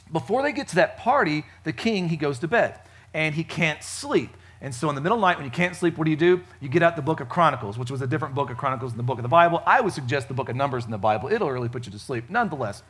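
A man preaching a casual sermon at a church service, chatty and joking, with frequent fillers and lively swings in loudness. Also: fairly high pitch. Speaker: pastor.

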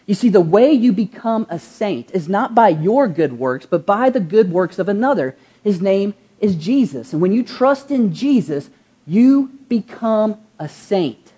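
A woman pastor delivers a lively sermon, full of rhetorical questions and slowed, stressed words. Her voice is dark and mellow with a husky edge. She slips into everyday voices when quoting people. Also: medium pitch. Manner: animated preaching, rhetorical questions, stretching key words; acts out quoted voices in an everyday tone.

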